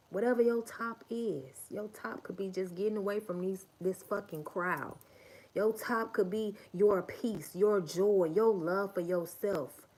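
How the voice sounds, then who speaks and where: A woman's voice: medium pitch, darkish tone. A woman hosting a livestream, giving an emphatic, profane and repetitive motivational talk. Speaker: livestream host.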